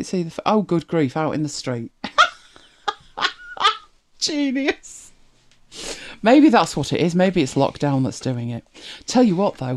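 A streamer from northern England, whose northern accent has softened, chats casually with viewers as they react to videos. They muse aloud, laugh often, and speak in a mid-range voice.

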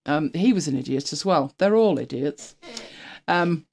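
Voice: medium pitch, expressive, measured pace, creaky, a little mellow. A co-host chatting loosely on a talk show, rambling with many fillers and restarts. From United Kingdom. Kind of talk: casual panel chat.

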